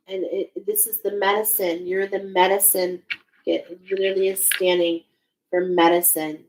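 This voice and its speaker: A woman's voice: lowish voice, level tone, normal speed, low-quality recording. A woman giving a spiritual oracle card reading, speaking in a searching, emotional way with many restarts.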